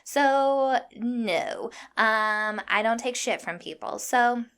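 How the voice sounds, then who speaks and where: Woman, young adult, from Iowa, podcast host, casual storytelling, fired-up and profane, bright tone. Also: a little high, slow, smooth. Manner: fired-up, profane, animated retelling.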